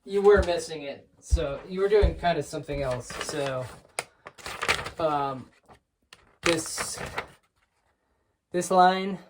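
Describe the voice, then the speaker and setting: A man giving a drum student feedback in a relaxed, encouraging way, with frequent ums and restarts. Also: high-pitched. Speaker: drum teacher. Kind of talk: recorded feedback lesson. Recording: distant mic with faint noise.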